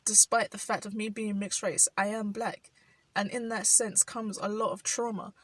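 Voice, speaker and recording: A young woman with a London accent reflects on camera in an unhurried, personal way, often saying "like" as she thinks. Her voice is husky and a touch breathy. The recording is dry and set a bit back from the microphone. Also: medium pitch, flat delivery, dry recording, distant mic, rough recording. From South London, England. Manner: thoughtful, frequent "like" fillers, soft laughs. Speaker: vlogger. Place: indoors while rain falls outside.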